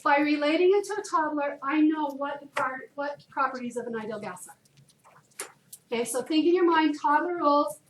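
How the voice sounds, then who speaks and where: A woman chemistry teacher lecturing a class, chatty and lively, often asking students questions. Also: high-pitched, moderate pace. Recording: echoey room, distant, noisy.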